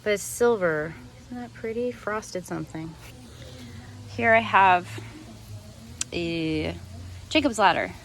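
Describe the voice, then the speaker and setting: A woman's voice: medium pitch, slow, long pauses, fairly bright tone, slight background noise. A woman filming a casual tour of her home garden outdoors on a handheld phone. She chats freely, laughs often and corrects herself as she goes. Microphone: handheld phone camera while filming.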